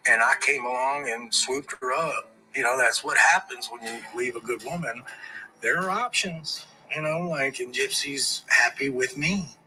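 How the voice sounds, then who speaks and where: Brief: heated, blunt husband in a reality show confessional, mid-pitched, clear music bed behind. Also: male voice, bright, forceful tone, low-quality recording.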